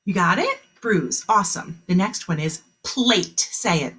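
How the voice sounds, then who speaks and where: A woman teaching a kindergarten phonics lesson on a video call, speaking slowly and encouragingly and stretching out the sounds of words for young children. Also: fairly low pitch, animated, fairly bright tone, breathy edge.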